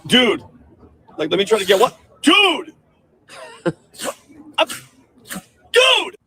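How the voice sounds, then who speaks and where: A man's voice: very high-pitched, huge pitch swings, takes it slowly, sharp tone, full character voice, poor audio. A man voicing a rowdy, foul-mouthed male wild animal in a comedy clip, talking brash slang.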